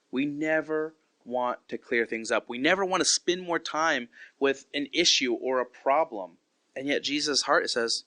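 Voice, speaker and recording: A man's voice: mid-range voice, normal speed, pushed and bright, no room sound. A man in his thirties giving an earnest, conversational Bible devotional as a podcast host, acting out quotes as he goes.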